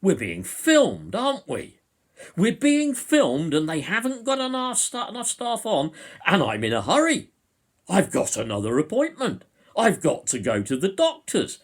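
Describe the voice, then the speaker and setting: A man doing a shrill, pushy queue-jumper. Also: huge pitch swings, a little slow, breathy edge, heavily acted. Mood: indignant. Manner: loud, shrill and hectoring.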